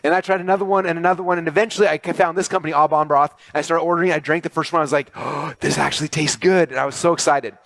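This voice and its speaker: A middle-aged man giving an animated business talk to an audience, talking quickly and excitedly with many fillers and restarts. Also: fairly high pitch, dry recording. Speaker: speaker presenting to an audience.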